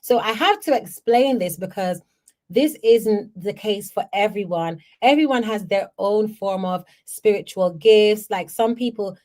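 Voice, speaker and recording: A woman from Jamaica, a podcast host telling personal stories in an animated way, often checking in with the listener. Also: medium pitch. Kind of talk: personal storytelling.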